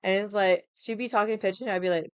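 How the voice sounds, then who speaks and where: A woman's voice: mid-range voice, steady tone, clear, resonant tone, no room sound. Chatty woman telling stories, dry sound. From Hawaii. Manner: chatty, laughing, quick asides, swearing; irritated, stubborn storyteller. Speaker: vlogger. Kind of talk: casual storytelling chat.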